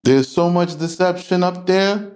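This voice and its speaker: Confrontational male preacher, slow delivery. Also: high-pitched, darkish tone. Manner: emphatic, confrontational, lecturing. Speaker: religious class teacher. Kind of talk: preaching lecture to a class.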